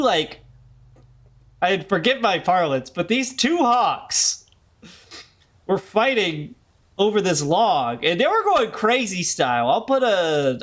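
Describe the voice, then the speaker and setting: A man's voice: on the high side, fairly bright tone. A man streaming a game, talking in rambling casual commentary full of jokey asides. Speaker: gaming streamer.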